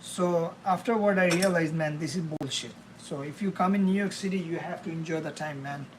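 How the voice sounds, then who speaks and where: A man's voice: a little high, fairly quick, a little hiss or hum. A young man live streaming while he cooks, chatting to his viewers in a rambling way and calling them bro and man. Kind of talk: casual live-stream chat while cooking. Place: home kitchen.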